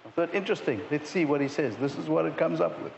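A male pastor preaching a sermon, animated, at times mimicking sports fans shouting at players. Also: fairly high pitch, fast talker, vocal fry, slight background noise. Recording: dull sound with long hall reverb.

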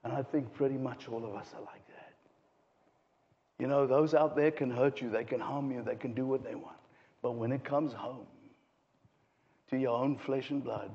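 A man preaching a sermon, swinging from hushed low asides to raised, impassioned passages. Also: steady tone, normal speed, gravelly, pauses often. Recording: dull sound with long hall reverb.

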